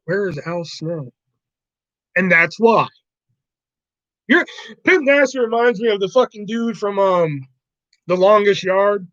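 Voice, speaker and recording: A man with a notably high voice chats loosely on his own livestream, swearing often and wandering from point to point. The sound is dry and close, with no room around it, but muffled and lo-fi. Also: slow pace, pauses often, fairly bright tone, dry recording. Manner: rambling, profane, laughs often. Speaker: livestream host. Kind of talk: casual livestream chat.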